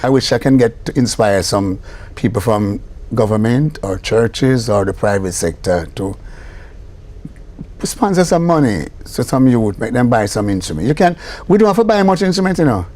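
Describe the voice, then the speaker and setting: Older jamaican guy, chatty storyteller, laughs a lot, mid-pitched voice. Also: normal speed. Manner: animated storyteller who acts out quoted voices, laughing often. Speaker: reggae producer, interview guest. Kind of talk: casual storytelling interview.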